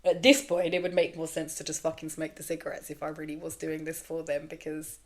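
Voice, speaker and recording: Woman, thirties, candid solo podcast, rambling, self-deprecating, swears, lowish pitch. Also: little pitch movement, fast talker. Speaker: podcast host.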